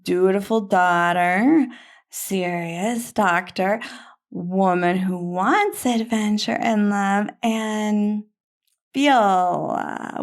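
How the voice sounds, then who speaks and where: A woman putting on the gentle, half-whispered voice of a calm female tidying expert, coaching someone to let go of things. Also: medium pitch.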